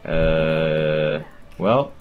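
A young man chatting while gaming, talking in a halting, drawn-out way full of likes and restarts. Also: a bass voice, phone-quality sound. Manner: halting, drawn-out talk with fillers. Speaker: gamer co-host. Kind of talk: casual gaming commentary. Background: game music.

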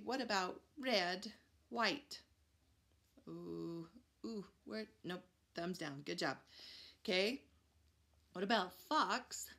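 A woman's voice: medium pitch, creaky, fairly bright tone. A woman teaching preschoolers a phonics lesson, upbeat and encouraging, stretching out letter sounds. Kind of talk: phonics lesson for young children.

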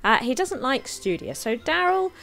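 A woman giving chatty, excitable commentary while playing a cozy video game, gasping and giggling as she explores. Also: sits high, normal speed. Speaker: game streamer. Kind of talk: let's play commentary.

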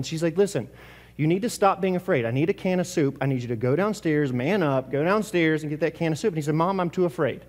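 A man's voice: on the high side, quick pace, big-room sound. A man preaching a sermon as pastor, talking casually and asking the congregation questions. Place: church sanctuary.

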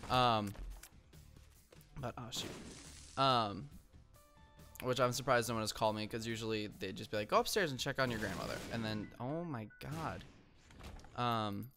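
Bright-voiced young man rambling over gameplay. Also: medium pitch. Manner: rambling, frequent ums, bursts of frustration at the game. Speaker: gaming channel host. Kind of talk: casual gameplay commentary and storytelling. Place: at home.

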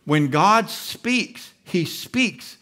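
A man preaching a live sermon as pastor, animated and acting out little voices as he goes. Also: sits high, very slow. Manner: animated, acts out voices of the flesh and believers. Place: large church.

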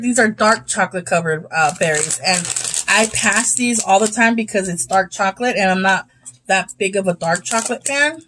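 A woman's voice: mid-range voice, a bit bright, a little hiss or hum, poor audio. A young woman chatting casually as she tastes and rates snacks, sometimes talking with her mouth full. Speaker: YouTube host. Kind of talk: casual snack review vlog.

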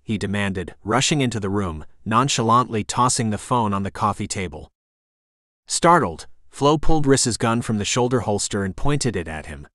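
A male audiobook narrator with a lively, animated pitch who tells a crime story tensely and dramatically. The recording is dry and close, on a studio mic. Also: normal speed, no echo. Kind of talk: scripted narration.

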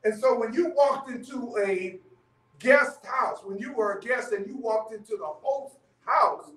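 A man leads a church Bible study in a loose, conversational way, stopping often to ask "okay?" His voice sits high. He is heard from a distance, and the room echoes around him. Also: a bit bright. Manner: conversational teaching, frequent "okay?" checks. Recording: echoey room, mic far off.

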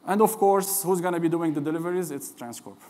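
A man presenting his startup's plans in a casual, upbeat pitch. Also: steady tone, fast, warm tone. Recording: long hall reverb.

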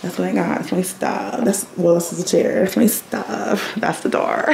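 A woman's voice: on the low side, measured pace, gravelly, noisy background. A woman vlogging from a doctor's office into a phone held close, rambling and giggly, sometimes half-whispering. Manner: rambling, giggly, self-mocking; talking half-whispered at times. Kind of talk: casual vlog chat.

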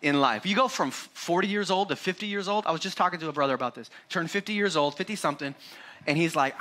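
Bright, high-voiced joking pastor man. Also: quick pace. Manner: jokey and conversational, acts out his kids in a raised voice. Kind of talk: sermon. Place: church.

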